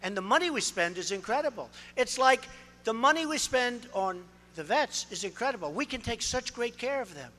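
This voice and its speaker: Speaking at a moderate pace with a very high, sharp voice and lively intonation, a political candidate in his sixties gives a campaign speech. He boasts and repeats himself in short, punchy phrases, his words echoing through a big reverberant hall with faint ambience.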